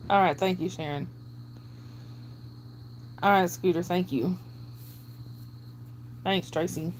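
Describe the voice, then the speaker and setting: A woman's voice: on the low side, steady tone, slow pace, slight background noise. A middle-aged woman hosts a live stream in a casual chat. She reads out viewer comments, thanks people by name, and laughs often.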